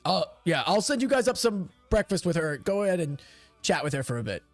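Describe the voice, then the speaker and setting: A harried, sweating half-orc cook of a tabletop game, as a man plays him, barking out gruff orders while being rushed off his feet. His voice lurches up and down. The sound is dry and close. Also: high voice, big pitch swings, dry recording, faint music behind. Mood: friendly.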